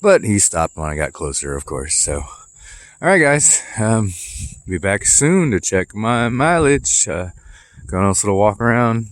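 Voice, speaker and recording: A man in his forties vlogging casually while out on a walk through his neighborhood, chatting in a rambling, nostalgic way with plenty of fillers. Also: deep voice. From Texas. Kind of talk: casual walking vlog. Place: outdoors walking through a neighborhood. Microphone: phone camera held while walking.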